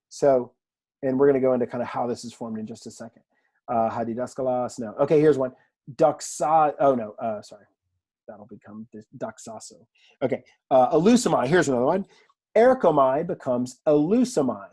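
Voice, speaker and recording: A man teaching a recorded online language lesson in a relaxed, chatty way, with fillers and asides, from a room at home. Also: mid-range voice. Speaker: Greek teacher.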